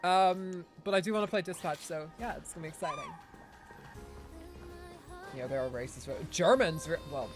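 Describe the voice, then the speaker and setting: A chatty man wraps up a game livestream in a loose, rambling way, swearing freely as he goes. His voice sits fairly high for a man. Soft game music plays quietly behind him. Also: huge pitch swings, normal speed, long pauses. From Ireland. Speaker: game streamer. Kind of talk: casual livestream chat.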